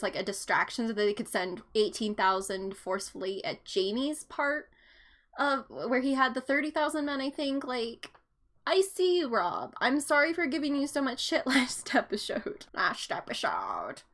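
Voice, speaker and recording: Giggly high-voiced woman reacting. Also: normal speed. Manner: excitable, giggly, emotional. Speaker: reaction vlogger. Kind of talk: casual reaction commentary.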